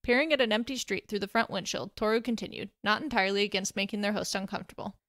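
A woman narrating a fan fiction story aloud in a steady storytelling way. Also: mid-range voice, fast talker, no echo, clean studio sound.

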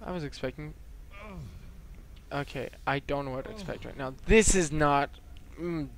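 A man's voice: a little high, moderate pace, a little hiss or hum. A man hosting a horror game let's play, talking jittery to the game and to his viewers.

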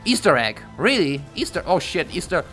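A young man giving live commentary on his own gameplay, his voice bright and sharp and swinging widely in pitch. He is excitable and profane and jumps into sudden yelps and shouts. Faint game music plays underneath him. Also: normal speed.

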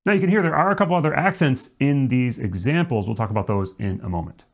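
A man's voice: mid-range voice, expressive, fast. A man teaching a music lesson, explaining rules step by step and now and then singing short syllables to demonstrate. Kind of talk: instructional explanation.

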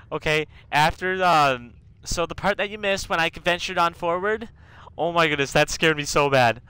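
A man's voice: a little high, sharp tone, clear, resonant tone. A young man giving live commentary on a game he is playing, chatting to his viewers in a rambling way. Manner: rambling, talks to his viewers, shrieks after a jump scare. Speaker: game streamer.

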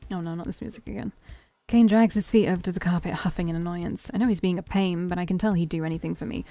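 A woman's voice: on the low side, mellow. A woman streamer reading a dating-sim game's text aloud, voicing every part in her own voice and breaking off for joking asides. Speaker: let's-play streamer reading a visual novel aloud. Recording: faint game music behind.

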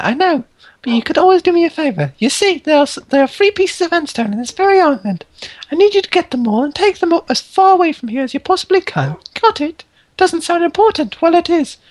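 A man doing a high, pleading trapped woman. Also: very animated, a little fast, no room sound. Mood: urgent, pleading. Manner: falsetto that drifts in accent. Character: imprisoned woman, confused and urgent. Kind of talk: reading game dialogue aloud.

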